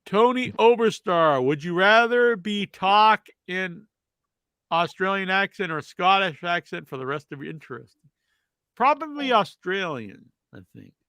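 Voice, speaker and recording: Stuffed-up man hosting a podcast, slightly high voice. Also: expressive, measured pace, pushed and bright, smooth, dry recording. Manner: rambling, filler-heavy answers to viewer questions. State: stuffed up nose. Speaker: podcast host. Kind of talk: casual live-stream chat.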